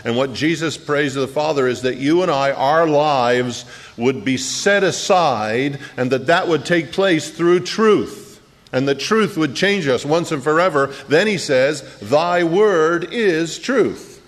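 A man preaching a sermon as pastor, earnest, slowing down on key phrases and quickening in asides. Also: fairly high pitch, expressive. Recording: long reverb of a large hall.

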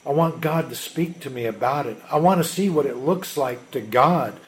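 A man preaching a sermon as a pastor, emphatic, swinging between loud urgency and hushed intensity. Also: medium pitch, moderate pace.

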